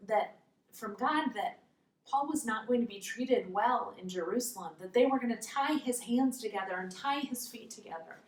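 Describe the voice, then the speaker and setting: Woman teaching preschoolers in an echoey room. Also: a little high. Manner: simple, patient storytelling for small children. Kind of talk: children's Bible lesson. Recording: roomy echo, mic far off.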